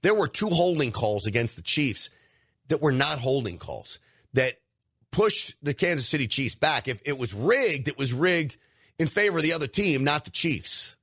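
A man's voice: fairly high pitch, lively intonation, moderate pace, fairly bright tone, slightly rough, no echo, clean studio sound. A middle-aged man hosting a podcast, delivering an emphatic opinion monologue straight to his listeners. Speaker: podcast host.

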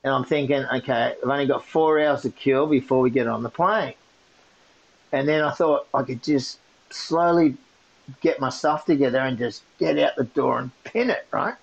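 An Australian man co-hosting a podcast, telling a story in a casual, animated way and laughing often. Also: medium pitch, normal speed, creaky, highs cut off. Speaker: podcast co-host.

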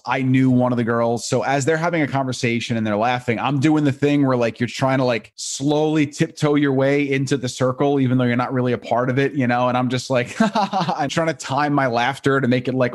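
A man hosting a podcast, telling stories in a chatty, rambling way. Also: medium pitch. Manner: chatty, rambling, with quick voice impressions. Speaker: podcast host. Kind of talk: casual storytelling.

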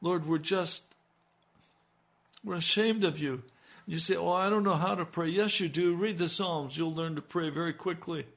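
A man's voice: fairly high pitch, moderate pace, fairly bright tone. A middle-aged male pastor giving a radio sermon and praying earnestly, pleading as he goes. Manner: earnest, pleading prayer that rises in intensity.

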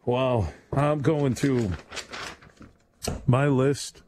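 A man hosting a late-night radio talk show, rambling and animated, laughing often as he talks. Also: medium pitch, very slow, slight background noise.

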